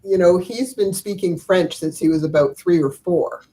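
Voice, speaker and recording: A woman's voice: lowish voice, moderate pace, dark tone, slight background noise, poor audio. Chatty older woman telling family stories. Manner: chatty, rambling, chuckling, many fillers. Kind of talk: casual storytelling chat. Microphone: video call.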